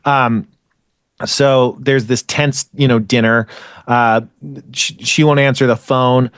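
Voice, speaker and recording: A man's voice: medium pitch, steady tone, slow, a bit bright, clear, resonant tone, dry recording, studio quality. A man hosting a podcast, casually recapping an episode in a rambling, filler-heavy way with many restarts. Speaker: podcast host recapping an anime. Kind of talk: casual chat.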